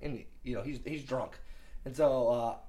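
A man in his thirties telling stories in a casual chat, animated, swearing freely and laughing as he talks. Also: mid-range voice, normal speed. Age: 30s.

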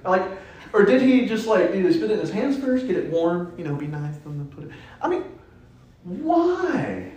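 A man delivers a casual, humorous sermon in a church sanctuary, his fairly high voice swinging up and down as he tells the story. He breaks into quick acted-out quotes and asides. The sound carries a roomy church echo. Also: animated, a little mellow. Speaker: preacher. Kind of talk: conversational sermon. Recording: echoey church hall.

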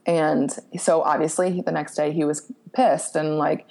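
A woman's voice: low voice, flat delivery, measured pace, gravelly, hardly any pauses, darkish tone. A young woman from Pennsylvania, a podcast guest, frankly telling a personal story with plenty of fillers, casual swearing and laughs at herself. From Pennsylvania, USA.

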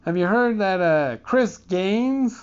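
Man in a dark room doing a loose comic monologue. Smooth voice, rambling and profane, slightly muffled audio. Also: high-pitched, expressive, slow pace. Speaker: comedic storyteller.

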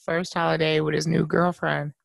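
A man's voice: a little high, little pitch movement, moderate pace, gravelly, dry recording. A young man hosting a casual podcast chat, laid-back and swearing freely, often repeating words as he starts a sentence. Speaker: podcast host.

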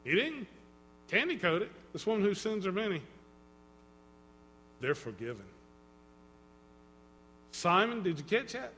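A man preaching a sermon as pastor, dramatic, swinging between loud and hushed and acting out quotes. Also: sits high, sing-song, measured pace, pauses often. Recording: long reverb in a hall.

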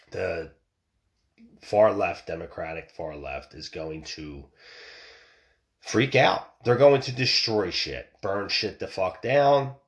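A middle-aged man ranting and telling a story bluntly, swearing often and restarting his sentences. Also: low-pitched. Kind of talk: profane ranting monologue.

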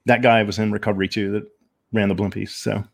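A man talking as a podcast guest, telling his personal story in a candid, reflective, measured way with frequent pauses and ums. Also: fairly low pitch, flat delivery, vocal fry.

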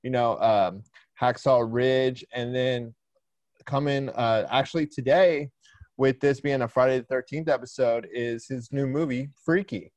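A man co-hosts a podcast in easy, steady chat. His voice sits at a middle pitch. It is recorded dry and close, with no room sound. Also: measured pace, no echo. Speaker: podcast co-host.

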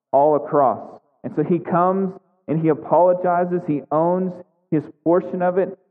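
A man preaching a conversational sermon on scripture. He talks in a chatty way, with restarts and frequent tag questions. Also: a little high. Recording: tinny echoey hall recording.

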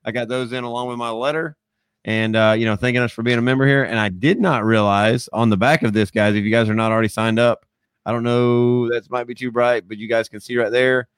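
A young man hosting a casual podcast, relaxed and stammering, often repeating words and calling people dude and man. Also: medium pitch, a little fast, clear, resonant tone, no echo. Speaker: podcast host.

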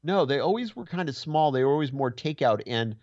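A man's voice: fairly high pitch, animated, brisk, darkish tone. A man in a casual chat, easygoing and mostly giving short agreeing replies. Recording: dull lo-fi sound.

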